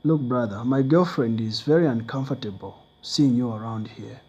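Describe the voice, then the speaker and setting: A man voicing an impatient young man who orders his friend out of the house, pushy and loud. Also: medium pitch, moderate pace, breathy edge, dull audio.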